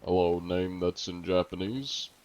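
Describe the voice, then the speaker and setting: A young adult man streaming a game live, chatting casually with viewers in a relaxed, rambling way full of fillers. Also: sits low, measured pace, dull audio. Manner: relaxed and rambling, lots of "like" and fillers, joking with chat. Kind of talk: casual live-stream chat while gaming.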